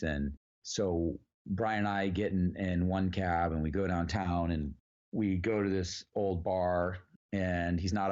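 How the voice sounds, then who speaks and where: A man telling a long anecdote in a relaxed, casual way, rambling with many fillers and the odd swear word. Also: low-pitched. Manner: rambling, lots of "like" and "you know", swears freely. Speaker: actor guest. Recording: dull lo-fi sound.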